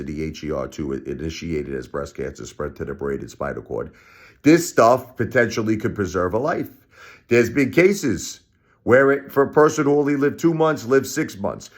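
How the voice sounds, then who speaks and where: A middle-aged man talking straight to the camera, profane and emphatic, his voice swinging between low muttering and high shouting. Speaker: vlogger. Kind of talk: angry personal vlog rant.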